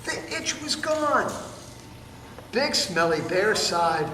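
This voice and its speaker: Animated man reading a picture book. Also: high voice, slow pace. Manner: animated, playful, points at the pictures. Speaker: storybook reader. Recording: distant, echoey hall with room noise.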